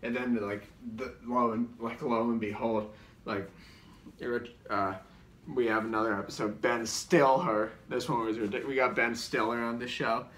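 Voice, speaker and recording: A man's voice: medium pitch, flat delivery, normal speed, a bit bright. A man rambling through memories of comedy sketches, with lots of filler words and restarts. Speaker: comedy show co-host. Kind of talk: rambling comic recollection. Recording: roomy echo, distant mic.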